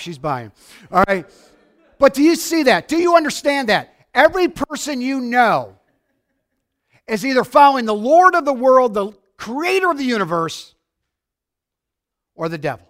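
Male preacher, high voice, excitable, loud-to-soft sermon delivery. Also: unhurried, long pauses. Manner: excitable, shouts then drops to quiet. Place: church sanctuary.

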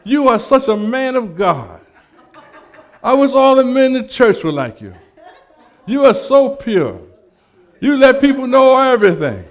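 A man's voice: extremely high pitch, sing-song, a little slow, long pauses, pitched above the performer's own voice, full character voice. A man putting on the voice of a gushing, chatty middle-aged church lady who heaps praise in a sing-song, laughing way.

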